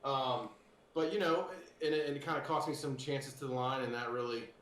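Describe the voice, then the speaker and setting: A man's voice: mid-range voice, fairly quick, fairly bright tone. A man who plays darts, talking at length after a win over a video call, boastful and joking. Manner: cocky, joking, talkative. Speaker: darts player. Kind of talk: post-match interview. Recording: roomy sound with faint noise.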